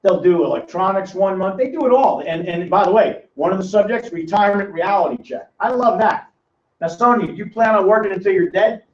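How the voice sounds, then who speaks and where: An older man leads a small classroom seminar, his voice pitched high as he prods and teases his audience. He sounds distant in a reverberant room. The recording is muffled and lo-fi. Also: fairly quick. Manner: teasing, quizzes audience by name. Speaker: financial educator. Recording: roomy, distant, dull lo-fi sound.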